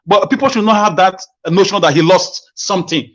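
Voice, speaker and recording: A man calling into a live talk show, speaking earnestly with frequent stammering restarts. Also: brisk. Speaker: caller. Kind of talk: call-in comment. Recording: muffled low-fidelity line.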